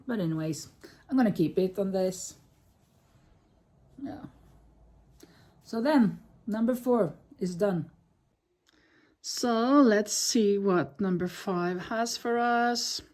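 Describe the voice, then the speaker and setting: A woman's voice: mid-range voice, takes it slowly, long pauses, a little mellow. A woman in her fifties, a Norwegian native speaker, chatting casually in a crafting vlog while she works and corrects herself as she goes. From Norway. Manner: chatty, thinks aloud, self-correcting. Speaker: crochet vlogger.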